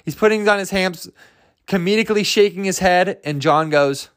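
A man's voice: high voice, moderate pace. A man hosting a podcast on his own, rambling loosely and cracking jokes, with plenty of swearing and restarts. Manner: loose, profane, jokey, with many fillers and restarts. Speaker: podcast host. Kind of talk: rambling casual monologue.

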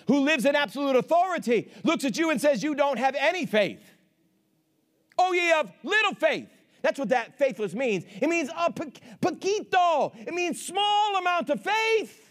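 Preacher guy with a really high voice, fired up, shouting then going quiet, keeps asking for amens. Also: lively intonation, brisk, few pauses. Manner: fervent preaching, swinging from shouts to hushed asides; calls for amens from the congregation. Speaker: pastor. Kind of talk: sermon.

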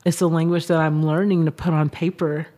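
A woman, a writer and artist, talking as a podcast guest in a reflective, thoughtful way with soft laughs between thoughts. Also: deep voice, little pitch movement, fairly quick. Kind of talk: reflective conversation.

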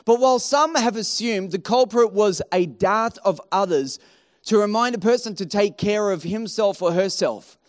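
A man preaching a sermon in a lively, animated way, acting out everyday voices as he tells stories. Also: high voice. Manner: animated, acts out quoted voices. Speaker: pastor.

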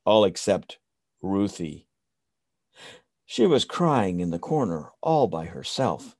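Slow soothing male bedtime storyteller. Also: deep voice, no room sound, clean studio sound. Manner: soothing, expressive.

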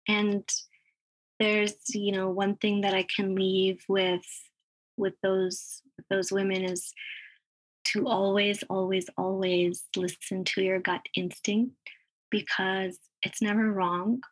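A woman in her thirties chatting as a podcast guest, upbeat and quick to laugh. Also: mid-range voice, little pitch movement, low-quality recording. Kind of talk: casual interview chat.

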